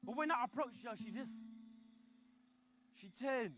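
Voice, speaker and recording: A man performing a comic story, chatty and animated, swinging from hushed asides to loud outbursts. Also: very high voice, measured pace, over music.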